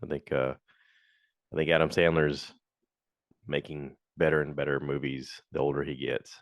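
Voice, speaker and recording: His pitch barely moves and he speaks at normal speed, in studio-quality audio with no room sound. The man hosts a casual solo podcast, rambling chattily through reviews with fillers and high-voiced acted-out quotes.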